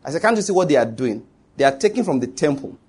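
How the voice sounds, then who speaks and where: Male preacher, middle-aged, emphatic, higher voice with a husky edge. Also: very animated, fast talker, darkish tone. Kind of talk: sermon.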